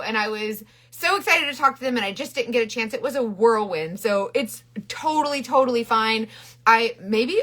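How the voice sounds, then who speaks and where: A woman's voice: a little high, normal speed, a bit bright. A middle-aged woman chatting bubbly and rambling on a casual makeup live stream, greeting viewers by name. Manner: rambling with frequent restarts.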